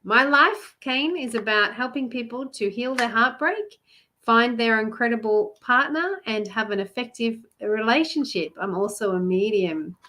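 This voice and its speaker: Bright-voiced chatty Australian woman. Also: a little high, expressive, normal speed. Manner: chatty, laughs often, greets viewers by name. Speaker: love coach and card reader. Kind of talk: live-stream card reading, chatting with viewers.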